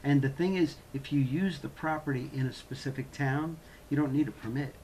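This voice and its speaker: A man's voice: medium pitch, fairly even intonation, fairly quick, darkish tone, a little hiss or hum. Easygoing man, guest on a talk show. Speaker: guest, actor and acting teacher. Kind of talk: casual interview.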